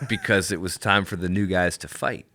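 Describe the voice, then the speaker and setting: A man with a deep voice and a bright, forceful edge, telling stories in relaxed podcast chat. He is animated, acts out the voices of others and laughs often. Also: a little slow, slightly rough. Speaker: podcast guest, former Navy SEAL. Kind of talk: casual storytelling chat.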